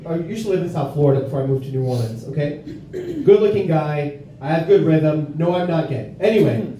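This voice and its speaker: A man's voice: fairly high pitch, dark tone, very echoey, a little hiss or hum. A young adult man doing a brash, profane stand-up set in a bar, recorded live from a distance. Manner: brash, profane, self-mocking. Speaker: stand-up comedian. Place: bar comedy stage with live audience.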